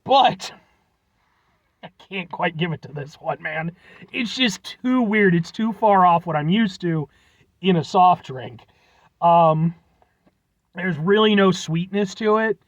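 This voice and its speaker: A man's voice: high-pitched, takes it slowly, long pauses, dry recording, highs cut off. A man casually reviewing a drink, rambling with lots of fillers and self-deprecating asides. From United States. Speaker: food reviewer. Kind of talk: casual chat.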